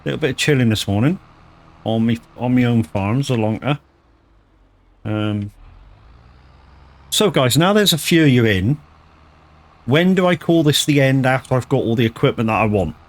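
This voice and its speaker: A man's voice: mid-range voice, expressive, normal speed, long pauses. A man chatting casually on a live gaming stream, rambling, stumbling over words and swearing freely. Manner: rambling, swears freely, lots of restarts and stammers.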